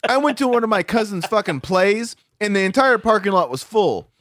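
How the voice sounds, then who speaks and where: A man's voice: high voice, animated, brisk, a bit bright, dry recording, studio quality. A man co-hosting a podcast, ranting in an irritated way and swearing constantly in casual chat. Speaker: podcast co-host. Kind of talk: casual profane rant.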